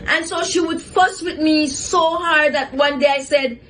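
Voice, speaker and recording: Female host, high voice, animated storyteller, faint hum behind, talk-show monologue. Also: measured pace, rough recording. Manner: animated, laughs often while telling a story. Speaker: host, psychotherapist.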